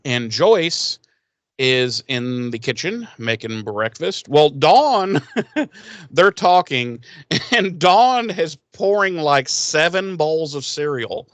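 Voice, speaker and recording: Male co-host, casual profane storyteller, slightly high pitch, dry recording. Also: animated, takes it slowly, no echo. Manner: loose, profane storytelling with frequent fillers. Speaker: podcast co-host. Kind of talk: casual chat recapping a TV episode.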